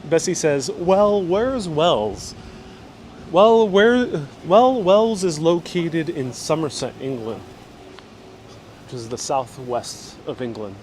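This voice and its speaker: A man hosts a live walking-tour vlog outdoors. His voice sits on the higher side, and he talks to viewers in a loose, joking way. Faint street noise runs under him as he walks. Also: lively intonation, slow, darkish tone. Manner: chatty, joking, addresses viewers directly. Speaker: travel vlogger host.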